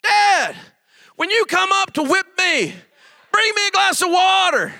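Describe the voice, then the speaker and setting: A man's voice: very high-pitched, lively intonation, unhurried, no echo, clean studio sound, voice pushed up, full character voice. A man voicing a small, restless boy who hollers from bed begging for a glass of water. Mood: cheeky. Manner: loud whiny hollering.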